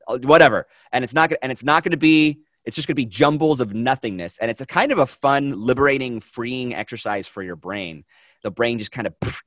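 A man teaching a film class, talking in a lively, conversational way and asking the students questions. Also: mid-range voice, no room sound. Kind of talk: classroom lecture.

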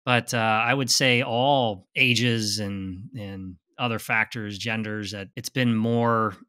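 Bright-voiced man asking questions. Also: on the low side, fairly even intonation, slow, clean tone. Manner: inquisitive, stammers and repeats words. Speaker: podcast co-host. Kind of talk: casual conversational chat.

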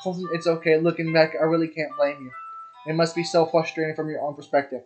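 A man reading the lines of a gentle teenage schoolgirl in a visual novel, in a soft, earnest, apologetic way. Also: a little high, little pitch movement, fast, natural voice. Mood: tender. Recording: dull lo-fi audio with soft music.

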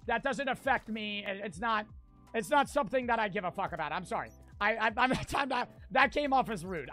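Young man, American accent, casual livestream chatter, cursing, frustrated, bright tone. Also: high-pitched. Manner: profane, easily frustrated, talks to chat. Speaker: streamer. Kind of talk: casual livestream gameplay chat.

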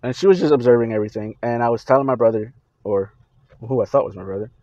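A man on a Christian video channel recounting his dreams in a casual, halting way, with many fillers and restarts. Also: medium pitch, no room sound, highs cut off.

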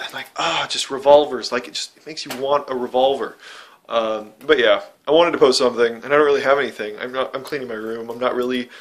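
A man vlogging from his bedroom, chatting to the camera in a rambling, offhand way, with lots of fillers as he reviews a movie. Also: medium pitch. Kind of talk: casual rambling chat.

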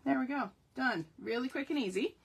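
A woman's voice: high-pitched, a little fast, vocal fry, noisy background. A woman hosting a live card-making tutorial, chatty and upbeat, with self-deprecating asides as she demonstrates. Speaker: crafting tutorial host.

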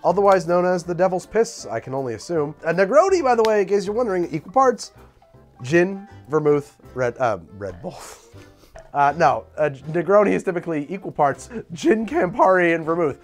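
A man hosting a comedic bartending show, talking in an animated, wry and profane way while he mixes and tastes drinks. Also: high voice, normal speed, faint music behind. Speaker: cocktail show host.

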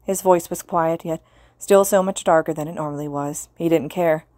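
A woman reading fan fiction aloud as an audiobook narrator, in an earnest, steady way. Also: deep voice, moderate pace, no room sound, studio quality. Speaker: podfic reader.

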